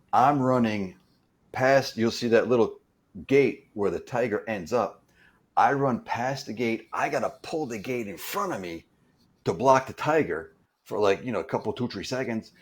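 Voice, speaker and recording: A man with an average-pitched voice recounting his time doing stunts. He talks in a loose, conversational way and stumbles over his words, restarting phrases as he searches for the next thought. It sounds like an unscripted guest on a chat show. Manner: halting, repeats words while recounting. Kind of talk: casual anecdote telling.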